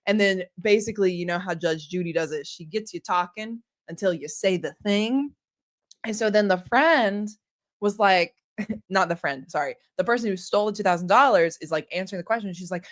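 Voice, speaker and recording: A young woman chatting casually, retelling a story with animated quoted voices. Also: mid-range voice, normal speed. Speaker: co-host. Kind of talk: casual chat.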